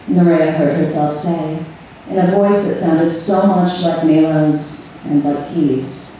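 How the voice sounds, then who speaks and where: A woman reads her own story aloud at a live event, slow and measured. Her voice is mellow and reaches the camera from far off, wrapped in heavy room echo. A faint hum sits beneath it. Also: sits low, fairly even intonation. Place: event room on a cruise ship. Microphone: far audience camera. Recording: echoey hall recorded from far off.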